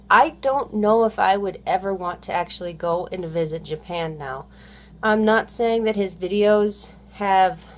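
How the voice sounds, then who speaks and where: A woman, a stay-at-home mom talking in a casual vlog monologue that rambles and corrects itself, full of "you know". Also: mid-range voice. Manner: rambling, heavy use of "you know" fillers, self-correcting.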